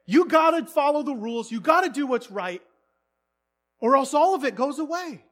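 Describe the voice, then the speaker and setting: A man's voice: very high-pitched, lively intonation, normal speed, fairly bright tone, pitched above the performer's own voice. A man playing an indignant, resentful middle brother. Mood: earnest. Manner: bitter, indignant ranting.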